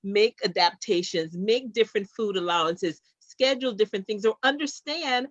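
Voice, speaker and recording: A woman's voice: medium pitch, moderate pace, no room sound. A woman hosting an interview, encouraging her guest and reading out viewer comments. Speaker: host. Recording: dry, muffled lo-fi audio.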